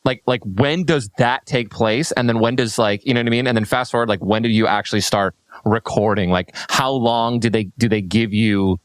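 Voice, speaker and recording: A man's voice: mid-range voice, normal speed, few pauses, no room sound. A male host in a casual interview with a mid-range voice. He is enthusiastic and slangy and leans on filler words as he talks. The sound is dry and close. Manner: enthusiastic and slangy, full of "dude" and "like".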